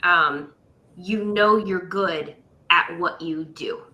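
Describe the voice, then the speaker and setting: Slow, bright-toned reflective woman. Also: lowish voice. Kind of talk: casual podcast chat.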